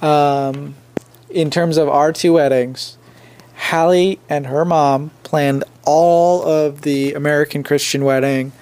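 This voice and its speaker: A man's voice: on the high side, fairly even intonation, takes it slowly, a little mellow, clean tone. A young man co-hosting a podcast, chatting casually and hesitantly, with lots of fillers and restarts. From India. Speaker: podcast co-host. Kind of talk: casual chat.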